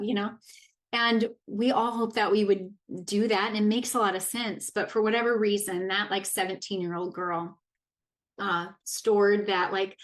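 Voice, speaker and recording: A woman's voice: medium pitch, moderate pace. Earnest woman coach in her thirties. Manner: earnest, reflective, loose with fillers and restarts. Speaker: wellness coach. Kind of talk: casual masterclass talk.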